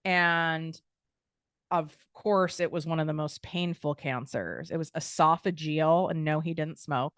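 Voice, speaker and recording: An American woman hosts her own podcast, speaking in a clear, smooth voice. She talks bluntly and casually, swears freely and drifts into tangents as she coaches listeners. The sound is dry and close, with no room echo. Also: sits low, a little slow, a bit bright. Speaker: podcast host and business coach. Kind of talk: casual motivational monologue.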